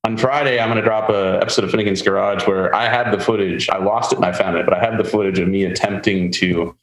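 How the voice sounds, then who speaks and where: A man hosting a podcast, telling a long car story in a casual, animated way and acting out the people he quotes. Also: fairly low pitch, fast talker. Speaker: podcast host. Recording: roomy with faint ambient noise.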